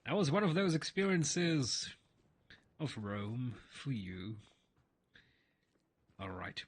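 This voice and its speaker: A man's voice: mid-range voice, big pitch swings, slow pace, slight background noise. A man chatting casually while playing a game, rambling through stories with frequent restarts and asides. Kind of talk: casual gameplay commentary and storytelling.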